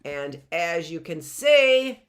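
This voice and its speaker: Middle-aged lady teaching punctuation, chatty, keeps asking right?, slow and bouncy voice. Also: fairly low pitch, big pitch swings. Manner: chatty, asks "right?" often, laughs at herself. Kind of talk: classroom grammar lesson.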